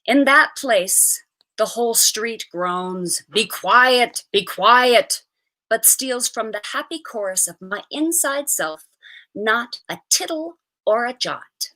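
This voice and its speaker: A woman reading a short story aloud with an expressive, animated delivery. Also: a little high, takes it slowly. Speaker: reader.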